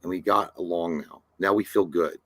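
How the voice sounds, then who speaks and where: A young man co-hosting a live talk show, joking crudely and stumbling through fillers and restarts. His voice is bright and forceful. The recording is dry and close. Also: low voice, steady tone, normal speed, no echo. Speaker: podcast co-host. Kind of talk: casual live-show chat.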